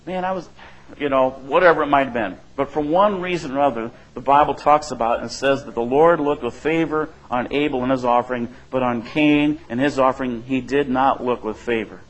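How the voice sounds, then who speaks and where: A man's voice: mid-range voice, a little fast, few pauses, rough recording. A middle-aged male pastor preaching in a loose, conversational way, often checking in with the room and acting out quotes. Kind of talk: sermon.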